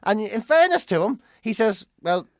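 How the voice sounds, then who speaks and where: An Irish man with a lively, swooping voice tells stories and rants in casual chat, swearing freely and mimicking the people he meets. The room is dry and close, with no echo at all. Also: high-pitched. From Ireland. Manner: profane, ranting storyteller with quick mimicry. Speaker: podcast co-host, comedian.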